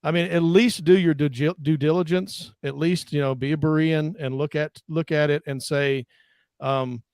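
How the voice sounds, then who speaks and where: Guy a bit high-voiced, animated, keeps losing names mid-sentence, dry close sound. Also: normal speed, clean tone, dry recording. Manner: animated, acts out quotes, gropes for names. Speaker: ministry discussion panelist. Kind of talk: casual online panel talk.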